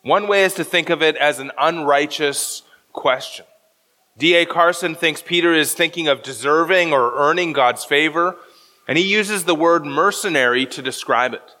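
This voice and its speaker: A man's voice: a little high, normal speed, sharp tone, long reverb tail. A man preaching a sermon as pastor, walking through a scripture passage verse by verse and explaining the original Greek.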